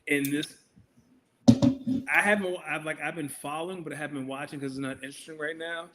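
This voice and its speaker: A man's voice: fairly high pitch, fairly even intonation, brisk, a bit bright. A man co-hosting a podcast in casual chat, bantering in a profane, incredulous way.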